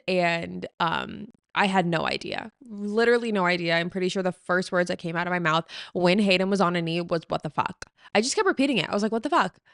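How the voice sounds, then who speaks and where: A woman's voice: fairly low pitch, creaky, no room sound, studio quality. Chatty young woman podcast host. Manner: chatty and animated, filler-heavy, often backtracks. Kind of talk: casual chat.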